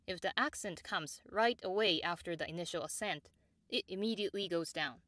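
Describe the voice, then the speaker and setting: Woman, pronunciation teacher, slightly low-pitched, unhurried and exact, dry close mic. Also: a bit bright, dry recording. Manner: measured and precise, models example words slowly and repeats them. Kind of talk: slow, clear instructional explanation.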